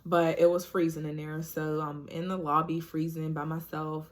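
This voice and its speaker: A vlogger with a somewhat low voice tells her viewers a personal story directly, in a loose, relaxed style sprinkled with "like" and "you know." Her pace is moderate.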